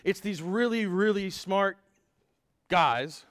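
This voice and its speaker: A man preaching a Sunday sermon, animated and conversational, putting rhetorical questions to the congregation. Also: sits high, slow pace, dry recording, clean studio sound. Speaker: pastor.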